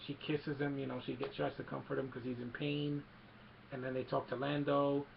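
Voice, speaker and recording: A man's voice: medium pitch, little pitch movement, moderate pace, vocal fry, lo-fi sound, slight background noise. A man casually retelling a movie scene by scene, rambling with many fillers. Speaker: film recap vlogger.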